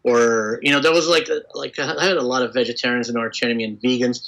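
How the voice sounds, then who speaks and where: A man being interviewed as a tour manager, telling road stories in an animated, chatty way and often breaking into laughter. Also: medium pitch, fairly quick, gravelly, rough recording. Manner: animated, laughing storyteller full of "like". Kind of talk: casual storytelling interview.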